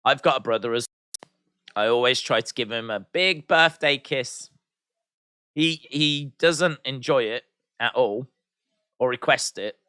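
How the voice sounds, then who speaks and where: A man's voice: mid-range voice, measured pace, long pauses, bright, forceful tone, clear, resonant tone, no room sound, studio quality. A man hosting a live watch-along stream, chatting casually, reading out viewer comments and answering them with playful teasing humor. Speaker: livestream host.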